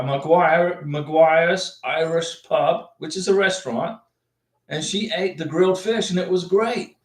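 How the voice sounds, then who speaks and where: A fairly high-voiced man chatting casually on a livestream, answering viewers in a rambling, repetitive way. He sits back from the microphone in a roomy office, so his voice carries a noticeable echo. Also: far from the mic. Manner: chatty, rambling, repeats himself often. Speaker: livestream host answering visa questions. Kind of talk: casual livestream chat reading viewer comments. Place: home office with a cat.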